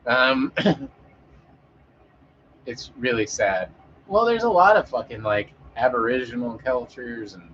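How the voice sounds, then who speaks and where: A man's voice: medium pitch, lively intonation, unhurried, pauses often, fairly bright tone, dull audio, slight background noise. A man chatting casually with an audience as a streamer, rambling and joking with frequent swearing and fillers.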